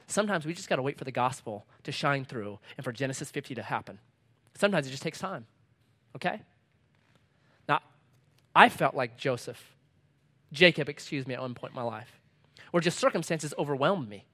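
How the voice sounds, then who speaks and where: A middle-aged pastor delivers a sermon in a slightly higher-pitched man's voice. He punches out short lines with force, then drops low and soft for asides. Scripture he reads slowly and with weight. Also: expressive. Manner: emphatic, swings between loud punchy lines and quiet low asides.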